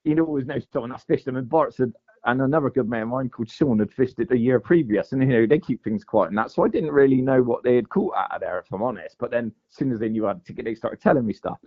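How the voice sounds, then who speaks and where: Male guest, casual rambling storyteller, mid pitch, muffled recording. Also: fast. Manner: rambling, lots of fillers and "mate". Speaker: guest angler. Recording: dull lo-fi podcast audio.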